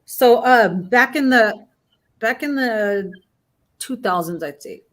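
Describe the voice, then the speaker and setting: A woman's voice: a little high, expressive, takes it slowly, a bit bright. A middle-aged woman guest in casual chat, telling a long story with many restarts and fillers. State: has the hiccups.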